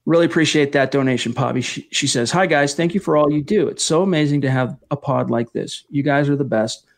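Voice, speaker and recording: Guy hosting a podcast stream, slightly high voice, energetic, thanking viewers and reading messages. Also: fairly quick, vocal fry. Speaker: podcast host. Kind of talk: casual live-stream podcast chat.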